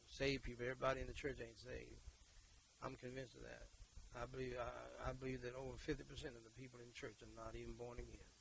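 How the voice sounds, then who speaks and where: Gravelly, emphatic preacher man. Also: mid-range voice, slight background noise, rough recording. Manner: emphatic, repeats words, swings between loud exhortation and quiet talk. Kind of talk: sermon and prayer.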